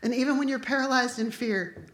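A woman preaching a sermon, impassioned and building to forceful declarations. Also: a little high, steady tone, a little fast, roomy sound.

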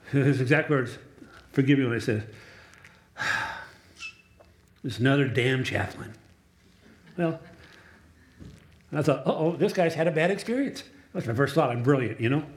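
A man's voice: on the high side, echoey room. A male pastor preaching a sermon in a church, telling stories in a conversational way and asking the congregation for amens. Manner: conversational storytelling, asks the room for amens. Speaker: pastor and chaplain.

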